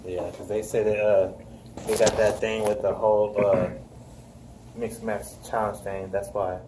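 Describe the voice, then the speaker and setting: A man's voice: fairly low pitch, level tone, a little slow, noisy background. A man co-hosting a podcast, chatting casually in a laid-back way and chiming in with short replies. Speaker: podcast co-host. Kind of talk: casual wrestling review chat.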